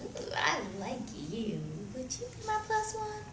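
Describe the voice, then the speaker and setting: A woman acting out a giddy drunk woman in her thirties, slurring and playful in a high voice that swoops up and down. She drawls slowly with a bright edge. It sounds roomy and far from the mic, with some noise behind. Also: big pitch swings, heavily acted. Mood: flirty. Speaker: actor in a screenplay reading.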